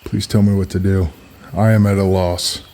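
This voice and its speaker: A man's voice: sits low, little pitch movement, moderate pace, warm tone. A man voicing a loyal earnest knight. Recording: clear music behind the voice.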